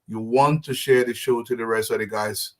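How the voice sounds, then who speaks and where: A man's voice: mid-range voice, steady tone, normal speed, fairly bright tone. A man hosts a casual live show, greeting viewers by name in a friendly, rambling way with many fillers and restarts. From Liberia. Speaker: show host.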